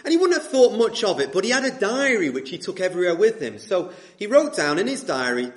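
A man preaching a sermon, telling a story in an animated way and ending with an earnest appeal to the listeners. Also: sits high, fairly quick, few pauses.

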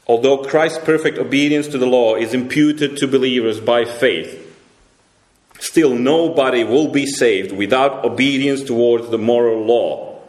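A man preaching a sermon as pastor, emphatic and repetitive, climbing up in pitch when he presses a point and dropping quiet for grave lines. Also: unhurried. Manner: emphatic, repeats words and restarts, rises sharply when stressing a point. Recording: roomy echo.

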